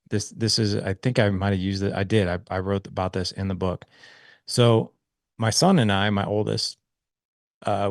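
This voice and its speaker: Speaking at a fairly low pitch, a middle-aged podcast guest shares an earnest fatherhood story in a conversational interview style, frequently adding "right?" to his points. The sound is clean studio audio with no room sound.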